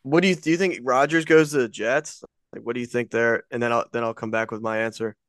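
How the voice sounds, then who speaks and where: A man's voice: mid-range voice, fairly even intonation, fast, a bit bright, no echo. A man co-hosting a sports podcast, chatting casually and thinking aloud with frequent restarts. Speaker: podcast co-host.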